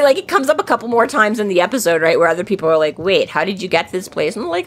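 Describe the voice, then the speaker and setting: A woman co-hosting a casual podcast chat, telling stories and putting on squeaky voices for the people she quotes. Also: very fast, creaky, few pauses. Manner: animated storyteller, jumps into squeaky quoted voices. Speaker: podcast co-host. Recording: faint background noise.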